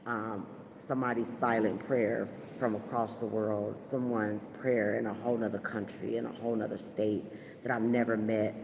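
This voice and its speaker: A woman's voice: rumbling low, little pitch movement, normal speed, vocal fry, noisy background. Heartfelt woman in a reverberant space. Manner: heartfelt, faith-filled, chatty with many fillers. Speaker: podcast host. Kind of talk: casual livestream chat with viewers. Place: at her workplace.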